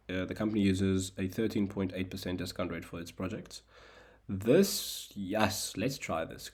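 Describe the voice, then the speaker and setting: A man's voice: sits low, a little slow, a little mellow. A young South African man with a South African accent, tutoring through a recorded screen lesson. He explains each step in turn and drops in wry asides.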